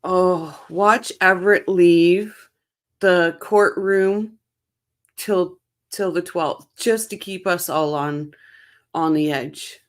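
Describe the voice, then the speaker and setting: Reacting to a live court stream, a livestream host from Canada talks casually and reads out comments from her viewers. She speaks slowly in a lowish voice.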